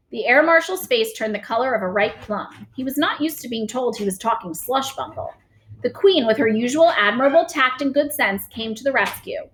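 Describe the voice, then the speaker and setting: A woman narrating a storybook aloud in an expressive reading voice. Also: a little high, brisk. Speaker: reader.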